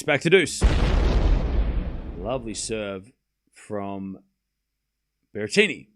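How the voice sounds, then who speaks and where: A young man calls a tennis match point by point for his stream, rattling off shots in quick bursts. Between rallies he drops into easy, casual chat with his viewers. His voice sits at an ordinary middle pitch. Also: lively intonation, fairly bright tone. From Australia. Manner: calls each shot in quick running bursts, then chats casually with viewers. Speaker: stream host and tennis commentator. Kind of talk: live play-by-play tennis commentary on a stream.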